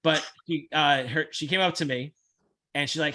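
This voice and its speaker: A man hosting a casual chat, blunt, brash and profane, with animated storytelling. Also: a little high, brisk. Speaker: host.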